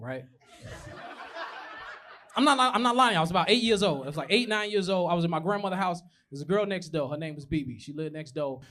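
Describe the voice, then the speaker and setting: A young man doing a stand-up comedy set, telling profane stories, acting out voices and laughing at his own jokes. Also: on the high side. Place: comedy club stage.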